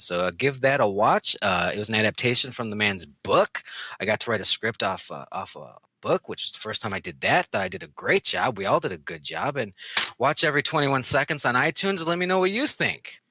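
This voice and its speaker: A man co-hosting a podcast, telling a story in casual chat, animated and swearing freely, acting out the voices. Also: medium pitch, no echo. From Illinois area, USA. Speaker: podcast co-host.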